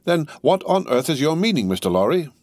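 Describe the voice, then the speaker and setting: A man voicing a pompous, blustering barrister who talks in a loud, indignant, hectoring way. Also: mid-range voice, big pitch swings, normal speed, dry recording, studio quality, pitched above the performer's own voice. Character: blustering, pompous male barrister, self-assured.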